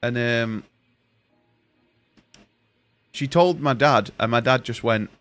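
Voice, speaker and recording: A man's voice: medium pitch, slow pace, a bit bright, faint music behind. A young man streaming a game, chatting casually and telling a rambling, sweary story. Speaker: gaming streamer. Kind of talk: casual chat while streaming.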